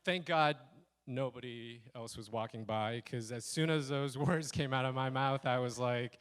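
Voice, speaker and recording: A man telling a personal story on stage at a speaker event, animated and acting out the lines he quotes. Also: medium pitch, normal speed, clear, resonant tone. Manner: animated, acts out quoted lines in shifting voices. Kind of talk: live storytelling talk.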